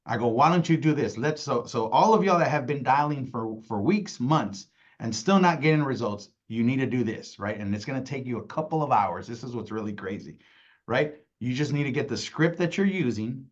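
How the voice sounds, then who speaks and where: A man's voice: mid-range voice, lively intonation, normal speed, muffled recording. Emphatic man coaching a sales team. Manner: emphatic, repeats "right?" and "y'all". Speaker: sales trainer. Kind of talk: insurance sales training talk.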